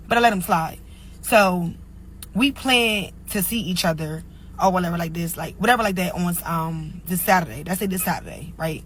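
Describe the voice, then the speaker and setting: A woman's voice: lowish voice, a little fast, slight background noise, low-quality recording. Chatty young woman telling a story. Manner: chatty, lots of "like" and "or whatever". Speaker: storyteller in a clip. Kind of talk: casual storytelling.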